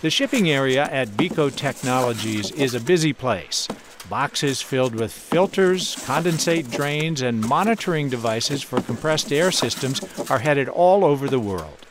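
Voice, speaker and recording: A male radio correspondent reading a scripted news report in a measured, clear delivery. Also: medium pitch, lively intonation, noisy background.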